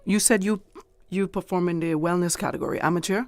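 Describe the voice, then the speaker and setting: A woman hosting a radio sports show, interviewing a guest in an upbeat, encouraging way with quick affirmations. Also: lowish voice, steady tone, darkish tone, dry recording, studio quality. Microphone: studio mic.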